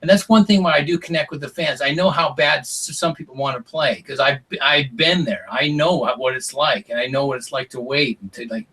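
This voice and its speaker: A man's voice: medium pitch, fairly quick, few pauses, pushed and bright, husky, low-quality recording. A man telling long stories as an interview guest, rambling with lots of "like" and "you know". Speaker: interview guest, former reality show contestant. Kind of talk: casual interview storytelling.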